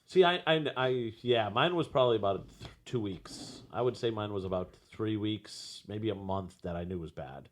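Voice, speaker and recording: A man in candid podcast conversation, talking haltingly with many restarts. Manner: halting, starts over, lively pitch.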